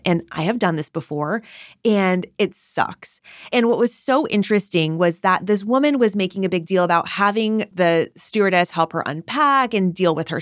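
A young woman hosting a podcast, chatting casually in an opinionated, gossipy way and swooping up in pitch for emphasis. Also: no echo, clean studio sound. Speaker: podcast host. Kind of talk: casual solo podcast chat.

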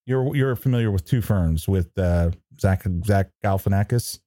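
Low, mellow-voiced podcast co-host. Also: male voice, moderate pace, dry recording, clean studio sound. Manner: rambling, full of ums and restarts. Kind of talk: casual chat.

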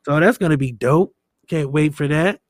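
Male podcast host, higher pitch, loose jokey delivery, dry close mic. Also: normal speed, no echo. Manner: joking, loose, swears freely. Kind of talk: casual podcast banter. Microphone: remote call setup.

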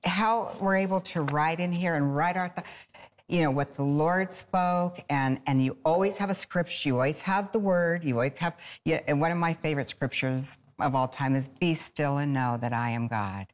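A woman with a low-pitched voice hosts a Christian talk show. She gushes, stumbles over her words and repeats phrases, often reading devotional passages aloud. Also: normal speed.

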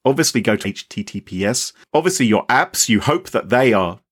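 A man's voice: mid-range voice, expressive, a little fast, fairly bright tone, husky. A man co-hosting a casual chat, jokey and exclamatory. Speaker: podcast co-host.

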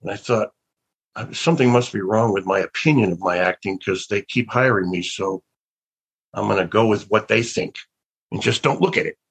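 An older man with a low, gravelly, husky voice tells rambling stories as an interview guest. He circles back and restarts his sentences, wondering aloud about the past in a relaxed, reflective way. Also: moderate pace, poor audio. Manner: rambling, with many restarts and trailing thoughts. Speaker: actor and guest. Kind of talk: casual interview storytelling.

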